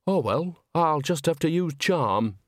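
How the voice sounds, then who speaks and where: A man's voice: on the high side, lively intonation, unhurried, dry recording, studio quality, pitched above the performer's own voice. A man voicing a cheerful, earthy old woman witch who talks in a rambling, folksy, sly way. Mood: chatty. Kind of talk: audiobook character voice.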